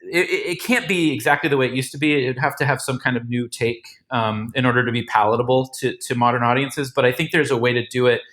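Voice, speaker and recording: A man's voice: medium pitch, fairly even intonation, fast, few pauses, fairly bright tone. A man in casual chat, rambling with lots of restarts and swearing freely. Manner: rambling, profane, many restarts.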